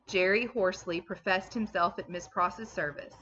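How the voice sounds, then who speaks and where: A woman teacher with a bright, crisp voice reads a classic novel aloud and breaks off to explain passages to her class in plain, everyday words. The recording is a little dull, with a faint hiss underneath. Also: medium pitch, steady tone, normal speed. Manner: plain, explanatory, with some ums. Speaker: English teacher.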